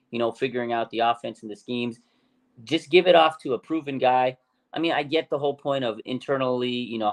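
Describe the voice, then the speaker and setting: A man hosting a casual sports podcast, talking in an animated, slangy way with many fillers and restarts. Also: medium pitch. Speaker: podcast host.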